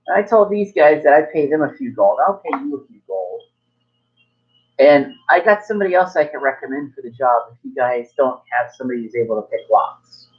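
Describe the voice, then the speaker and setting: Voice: mid-range voice, sing-song, fairly quick, husky, muffled recording. Someone doing a chatty pirate barkeep. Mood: persuasive. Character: squid-hatted male pirate barkeep, friendly and scheming.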